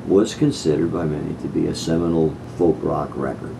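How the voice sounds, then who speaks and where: Older man, very low gravelly voice, hesitant, air conditioner rumble behind. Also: steady tone, a little fast. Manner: hesitant, searching for words. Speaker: interviewee musician. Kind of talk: reflective interview. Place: indoors in Florida.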